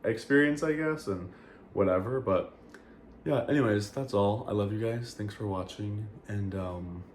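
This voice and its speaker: A man's voice: on the low side, normal speed. A young man chatting candidly to camera in a vlog, rambling with lots of fillers and casual swearing. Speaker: vlogger. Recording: echoey room with faint noise.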